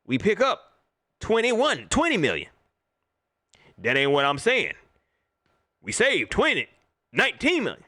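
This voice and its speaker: A man's voice: high voice, huge pitch swings, moderate pace, long pauses, pushed and bright, no echo, clean studio sound. A middle-aged man hosting a livestream, ranting animatedly about sports and greeting viewers in the chat by name. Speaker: host. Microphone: laptop mic.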